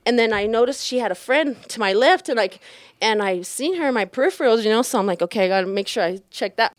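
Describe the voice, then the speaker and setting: A woman's voice: fast talker, no echo. A woman telling a profane bar story in casual chat, acting out the people she quotes. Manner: animated, profane, acts out quotes in a higher voice. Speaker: storyteller guest.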